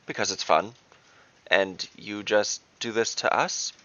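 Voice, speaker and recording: A man's voice: on the low side, takes it slowly, pushed and bright. A man voicing a mischievous male halfling trickster god in a gleeful, teasing, theatrical way. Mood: playful. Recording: dull dry lo-fi recording.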